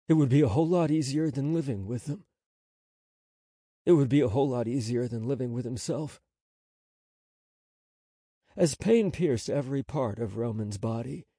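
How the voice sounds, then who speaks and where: A man narrating an audiobook in a measured, unhurried storytelling manner on a close studio mic. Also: mid-range voice, mellow, husky, no room sound. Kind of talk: scripted narration.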